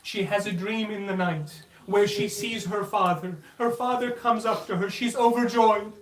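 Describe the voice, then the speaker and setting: A man's voice: high-pitched, fairly even intonation, moderate pace, a crowd in the background. A man narrating a sad religious story to children with mournful, dramatic feeling in a mosque hall. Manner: mournful, dramatic narration building to anguished cries. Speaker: majlis speaker. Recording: echoey hall, mic at a distance.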